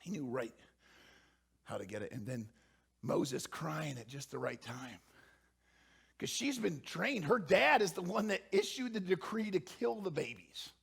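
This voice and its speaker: A man preaching a sermon as pastor, animated and swinging from hushed tones to shouting. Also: a little high, a little slow, creaky, breathy edge.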